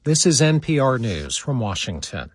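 A man reads national news headlines on radio in a crisp, even delivery. His voice has a slight husk. The sound is dry and close. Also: mid-range voice, normal speed, dry recording. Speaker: newscaster. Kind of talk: radio newscast.

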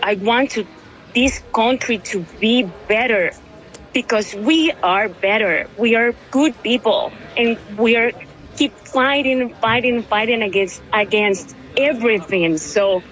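Tearful woman in her thirties, halting. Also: on the high side, a bit bright, soft background music, poor audio. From Venezuela. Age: 30s. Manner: halting, many restarts and repeated words. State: tearful, emotional. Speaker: interviewee. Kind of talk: emotional phone interview.

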